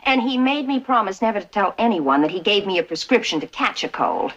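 A breezy, lively sitcom wife. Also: female voice, medium pitch, brisk, husky. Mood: affectionate. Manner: light, playful, affectionate. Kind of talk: 1960s sitcom acting. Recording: lo-fi TV soundtrack with hiss.

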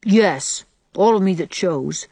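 A woman's voice: fairly low pitch, lively intonation, slow pace, vocal fry, mellow, slightly rough, dry recording, full character voice. A woman reading the part of a defiant nine-year-old boy who talks back recklessly and boasts.

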